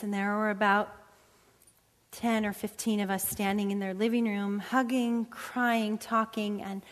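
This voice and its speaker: A woman preacher delivering a sermon and closing prayer, dropping to hushed whispers and rising to loud, emphatic passages. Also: a little high. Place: church sanctuary. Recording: long hall reverb.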